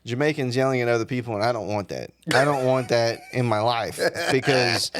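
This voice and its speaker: A man's voice: mid-range voice, brisk. A man co-hosting a comedy podcast, telling rambling stories in casual chat and swearing freely. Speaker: podcast co-host.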